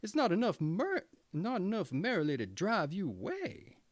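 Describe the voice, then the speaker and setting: A man's voice: a little high, wildly swooping pitch, slow, dry recording, exaggerated voice. A man doing a hot-tempered old tailor. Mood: scolding. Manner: wrathful, exclaiming. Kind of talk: storybook reading.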